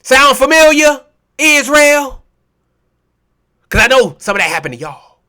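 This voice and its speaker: A man's voice: very high-pitched, sing-song, unhurried, pushed and bright. A male preacher delivering a sermon, mocking and impassioned, with many rhetorical questions. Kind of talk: sermon with scripture reading.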